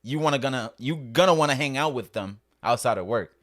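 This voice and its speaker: A man's voice: mid-range voice, expressive, brisk, fairly bright tone, no echo, clean studio sound. A man co-hosting a casual podcast, talking in a laid-back, slangy, rambling way.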